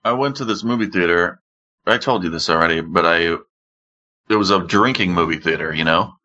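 A man in casual conversation, telling a funny story in a wry, deadpan way and swearing freely. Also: sits low, brisk, highs cut off. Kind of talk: casual chat, comic storytelling.

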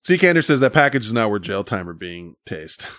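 A man's voice: lowish voice, very animated, moderate pace, a bit bright, no room sound, studio quality. A man in casual conversation, telling a long, exasperated story that wanders and swears freely. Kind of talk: casual chat.

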